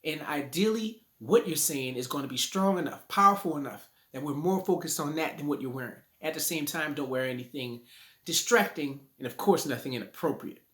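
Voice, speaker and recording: A man's voice: on the high side, animated, brisk, a bit bright. A man giving a casual video lesson on public speaking from his living room, recorded on a phone in selfie mode, talking conversationally and playing with rhymes. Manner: playful, conversational, rhyming catchphrases.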